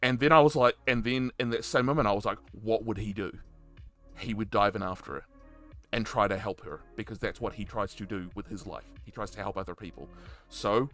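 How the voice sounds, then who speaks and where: A man's voice: lowish voice, fairly quick, fairly bright tone, faint music behind. A man in casual chat, enthusiastically recounting his roleplay moments and swearing freely. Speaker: roleplayer interviewee.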